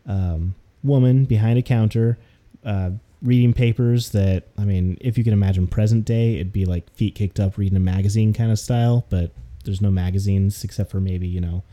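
Male game master, very dark mellow voice, relaxed narration, casual fillers. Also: fairly low pitch, normal speed.

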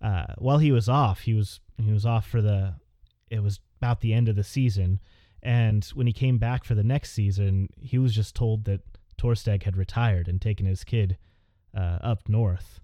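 Brief: game master, rambling narrator, dark dry voice, low register. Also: male voice, normal speed, no echo. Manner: meandering, filler-heavy narration.

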